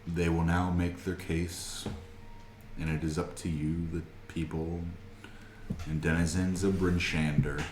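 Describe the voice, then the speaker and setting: A man's voice: sits low, flat delivery, measured pace, echoey room, background noise. A man voicing a woman official with a put-on Scottish-Irish accent, making a solemn announcement.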